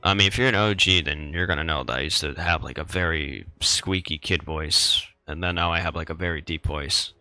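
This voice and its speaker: A young male gaming streamer talks casually to his viewers through a headset mic. His voice sits deep, with a crisp, bright edge. He rambles, repeats himself and chuckles now and then, over faint game music. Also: a little fast, hardly any pauses, dry recording, low-quality recording. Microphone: gaming headset microphone.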